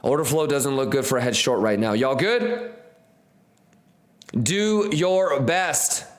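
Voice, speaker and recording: A man's voice: medium pitch, lively intonation, a little fast. A man hosting a live trading stream, hyped and slangy, repeating catchphrases and talking straight to his viewers.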